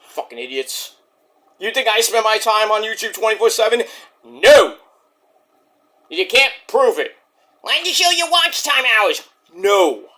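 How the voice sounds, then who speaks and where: A male wrestling vlogger delivers an angry, foul-mouthed rant at his critics, repeating himself as he goes. His voice is high and bright, and it swings widely in pitch. He sounds combative from start to finish. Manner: profane, combative, repetitive. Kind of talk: angry profane rant to the camera.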